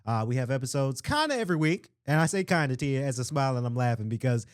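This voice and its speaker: A man hosting his own podcast, talking loosely and with hype-man energy, his throat a little strained from shouting. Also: medium pitch, lively intonation, fast talker, smooth. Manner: rambling, loose and conversational. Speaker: podcast host. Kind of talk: casual solo podcast talk.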